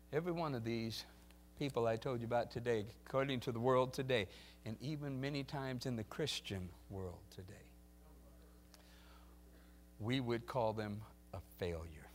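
A man preaching a sermon, moving from quiet talk to loud shouting peaks and acting out quoted voices. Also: medium pitch, unhurried, long pauses, a little hiss or hum. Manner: acts out quoted voices and asks the crowd for replies.

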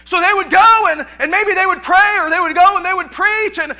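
A male pastor preaching a lively sermon in a church. He often repeats his words and laughs. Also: very high-pitched, brisk, faint music behind.

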